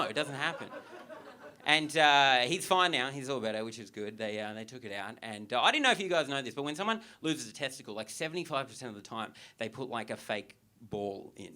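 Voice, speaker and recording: A young Australian man performing a stand-up comedy routine on stage, telling a story and acting out the lines of the people in it. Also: mid-range voice. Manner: animated storytelling with acted-out quotes. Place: theatre cafe stage with a live audience.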